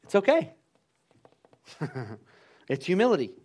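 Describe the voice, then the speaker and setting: A man delivering a sermon in a somewhat high voice. He preaches in a lively way, calling out to the congregation and drawing responses from them. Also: slow pace. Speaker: pastor.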